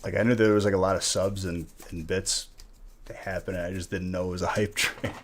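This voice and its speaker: Greeting viewers by name as he rips open card packs on his live stream, a man keeps things laid-back and jokey. His voice is deep and steady, a little fast, with slight background noise in the recording.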